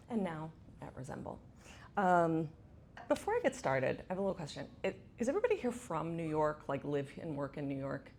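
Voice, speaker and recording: A woman's voice: deep voice, a little mellow, slight background noise. A middle-aged woman giving a conference talk, chatty, asking the audience questions. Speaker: conference speaker. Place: event space with audience.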